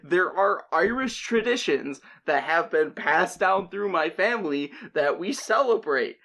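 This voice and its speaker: A man's voice: sits high, animated, a little slow, gravelly, pushed and bright. A man co-hosting a comedy podcast, talking in rambling, restarting sentences with chuckles. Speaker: podcast co-host. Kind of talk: casual comedic chat.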